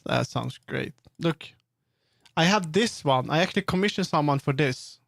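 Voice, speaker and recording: A man's voice: on the high side, expressive, normal speed, creaky, fairly bright tone, no room sound, studio quality. A man streaming live who chats casually, trailing off and restarting his sentences and playfully repeating words over and over. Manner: rambling, trails off and restarts often.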